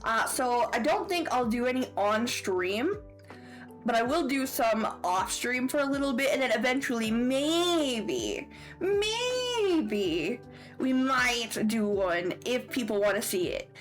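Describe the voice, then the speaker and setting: A woman's voice: a little high, expressive, measured pace, soft background music. A woman with a Southern American accent chatting casually on a livestream, playful and giggly with squealy outbursts. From Southern United States. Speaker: streamer.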